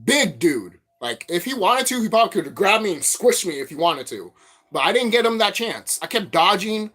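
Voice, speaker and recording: A man vlogging as a spiritual commentator, telling stories in a rambling, profane, animated way. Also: sits high, normal speed, breathy edge. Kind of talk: rambling casual monologue.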